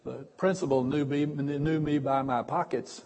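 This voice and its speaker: A man preaching a sermon, telling folksy, self-mocking stories and repeating his words as he goes, with sudden loud bursts. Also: fairly high pitch, steady tone, measured pace, a little hiss or hum, poor audio. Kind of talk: storytelling sermon.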